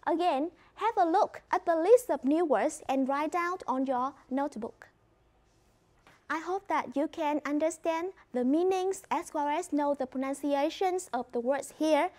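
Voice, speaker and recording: A woman with a Vietnamese accent teaching an English reading lesson in a clear, instructive way. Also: high voice, unhurried, darkish tone. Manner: clear, instructive, mixes in explanations in her first language. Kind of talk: classroom lesson.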